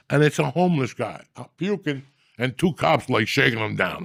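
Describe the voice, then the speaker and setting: A man telling comic stories on a podcast in a gravelly, profane, ranting way, with loud bursts when he acts out scenes. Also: a little high, animated, brisk, no echo, studio quality. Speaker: podcast host. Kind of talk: casual comedic storytelling.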